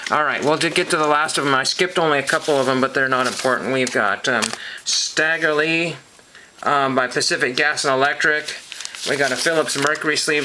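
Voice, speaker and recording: A man's voice: medium pitch, background noise. A man casually showing his box of records, rambling and hesitant with many ums and self-corrections. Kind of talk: casual show-and-tell monologue.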